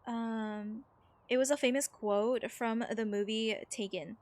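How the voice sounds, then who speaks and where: A woman's voice: on the high side, darkish tone, no room sound. A woman streaming a game, chatting casually with viewers in a rambling, filler-heavy way and reading chat messages aloud. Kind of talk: casual chat while gaming.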